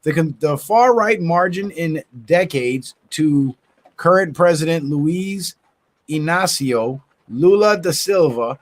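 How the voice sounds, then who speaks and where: A man's voice: on the high side, expressive, takes it slowly. A man with a slightly raised voice reads a news story aloud for his own channel. He stumbles and restarts words as he goes. He breaks in often with short, indignant comments of his own. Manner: stumbles and restarts words while reading, adds indignant asides. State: yawning, tired. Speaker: channel host.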